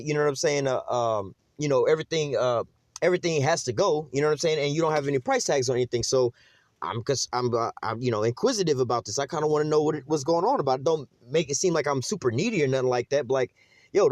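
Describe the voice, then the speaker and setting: A man's voice: on the high side, lively intonation, fast, darkish tone, no room sound. A man giving casual, rambling commentary on scripture, blunt and full of slang, often saying "whatever, whatnot" and "you see what I'm saying". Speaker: religious teacher.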